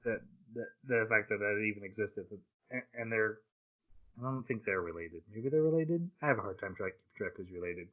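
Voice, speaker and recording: A man's voice: fairly low pitch, a little fast, narrow, tinny audio. Man recapping a story on a podcast. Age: adult. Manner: recaps the plot at length with fillers and playful paraphrased quotes. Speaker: podcast host. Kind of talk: casual anime discussion podcast.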